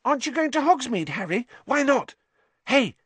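A man voicing an eager young schoolboy, high and excited. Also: moderate pace, breathy edge, no echo, heavily acted.

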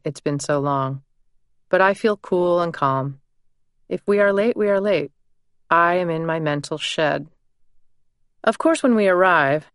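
A woman narrating her own memoir in a measured, deliberate first-person reading. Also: sits low, fairly bright tone, no echo, clean studio sound.

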